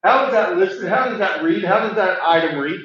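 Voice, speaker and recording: A man leading a training session, asking the room questions and repeating words for emphasis, clearing a voice he is losing. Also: high voice, lively intonation, normal speed, fairly bright tone. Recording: very echoey room, distant mic, muffled.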